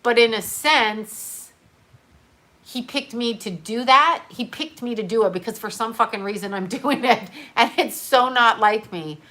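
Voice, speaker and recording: A middle-aged woman hosting a livestream, talking in a halting, emotional way with many fillers and restarts, grieving and swearing casually as she reads viewer comments. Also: fairly high pitch, bright, forceful tone. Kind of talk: unscripted livestream talk.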